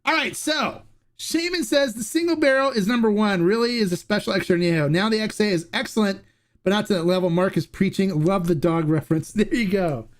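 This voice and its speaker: Hosting a laid-back tequila review livestream, this man talks in a high voice at a fairly quick clip. He's excitable and chatty, laughs a lot, and keeps restarting his sentences.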